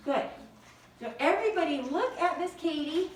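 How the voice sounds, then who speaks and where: A woman teaching small children in a classroom, prompting them in a gentle, sing-song way and praising their answers. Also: fairly high pitch, big pitch swings, normal speed. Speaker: preschool teacher. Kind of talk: leading a children's Christmas lesson. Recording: very echoey room, distant mic.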